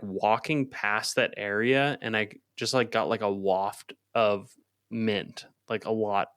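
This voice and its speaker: A man's voice: fairly low pitch, fairly bright tone, smooth, no room sound, studio quality. A man co-hosting a casual podcast, a chef telling rambling stories and laughing often.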